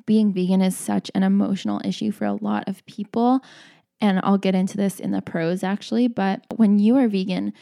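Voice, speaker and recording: A young woman in her twenties chats casually to camera, her voice mellow and low in tone with a gravelly edge. She talks in loose, rambling sentences full of filler words and restarts. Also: steady tone, normal speed. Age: 20s. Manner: chatty, frequent "like" fillers and restarts. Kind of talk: casual vlog talk.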